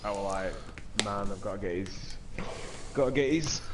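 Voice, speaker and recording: A man in his twenties co-commentating a sim race in a halting, rambling, informal way. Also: lowish voice. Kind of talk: casual commentary chat. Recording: distant mic with clear background noise.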